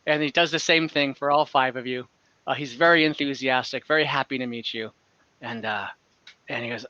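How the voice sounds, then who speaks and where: Bright-voiced man running an online tabletop game. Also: mid-range voice, brisk, dry recording, dull audio. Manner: rambling, many fillers and restarts while describing scenes. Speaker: dungeon master. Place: online call from home.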